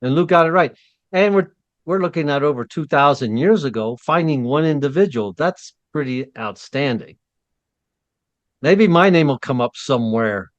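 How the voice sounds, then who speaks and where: A man hosts a casual interview, his voice sitting a bit high for a man. He rambles and trips over his words, laughing at himself. The sound is close and dry, with no room around it. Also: lively intonation, normal speed, no room sound, muffled recording. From Ohio, USA. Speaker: host.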